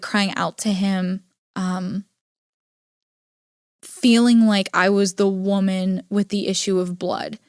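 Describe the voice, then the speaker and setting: A young adult woman hosting a podcast, telling a personal story in an earnest, halting way with many filler words. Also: medium pitch, smooth, no room sound, studio quality. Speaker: podcast host. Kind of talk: personal storytelling, casual monologue.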